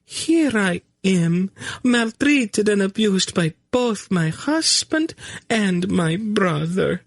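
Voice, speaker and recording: A male narrator voicing a prim, indignant young noblewoman who turns theatrically tragic in a high, trembling voice. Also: animated, takes it slowly, gravelly, no room sound, heavily acted. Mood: mock-tragic.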